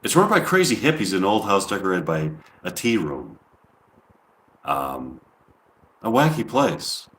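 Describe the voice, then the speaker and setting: A man's voice: low voice, big pitch swings, measured pace, long pauses, fairly bright tone. Rambling man in an echoey room. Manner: rambling and hesitant, full of ums. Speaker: comedian live-streaming. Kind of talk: improvised comedy monologue.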